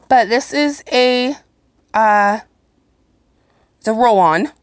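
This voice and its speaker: A woman talks at an unhurried, drawn-out pace into a handheld phone at home. She gushes over what she unpacks and breaks off for small apologies, in an easy, chatty way. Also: fairly high pitch, clean tone, no room sound. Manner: gushing, slow and chatty, apologetic asides. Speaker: vlogger reviewing products. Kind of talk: casual unboxing chat. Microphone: phone held in hand, then set down.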